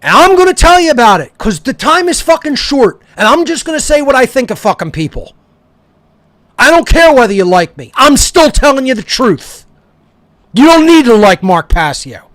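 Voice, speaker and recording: A man's voice: extremely high pitch, sing-song, moderate pace, a bit bright, no echo. A male talk show host delivering a heated, profane, confrontational monologue straight at his listeners. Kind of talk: angry ranting monologue.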